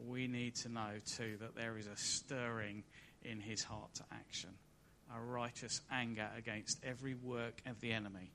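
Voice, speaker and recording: A man's voice: fairly low pitch, sharp tone, a little hiss or hum. A man preaching a sermon, reading scripture aloud and building each point with rising and falling emphasis. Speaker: pastor.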